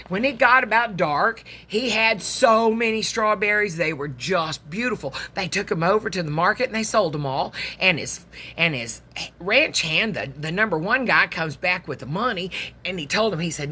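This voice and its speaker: A woman's voice: mid-range voice, sharp tone, breathy edge. A woman, preaching a sermon as a folksy, conversational story and dropping to near-whispers for emphasis.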